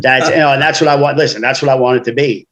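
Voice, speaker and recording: A man's voice: mid-range voice, fast, a bit bright, low-quality recording. A man, a guest author telling his life story frankly in casual conversation, often saying "you know".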